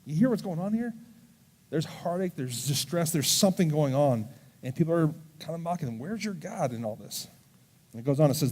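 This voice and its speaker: A male youth pastor with a mellow, warm voice preaching to students in a church service. His delivery is earnest and gentle, and he slows down when he reads scripture. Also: on the high side, lively intonation, breathy edge. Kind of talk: sermon to a student audience.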